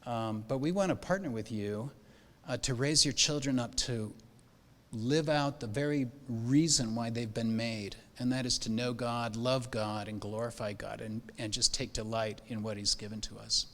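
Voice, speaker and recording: A man's voice: medium pitch, fairly even intonation, moderate pace, a bit bright. An older man, a pastor, giving a rambling, heartfelt welcome speech to new parents, with many fillers and restarts. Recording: hall with long reverb.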